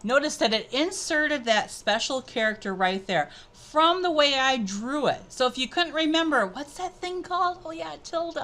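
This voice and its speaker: A woman presenting an upbeat, chatty software tutorial as she clicks through a screencast. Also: mid-range voice. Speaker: edtech presenter.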